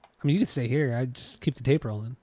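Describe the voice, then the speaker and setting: A man's voice: mid-range voice, fast, dark tone, no room sound. A man co-hosting a podcast, bantering in a laid-back way with casual swearing. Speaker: podcast co-host.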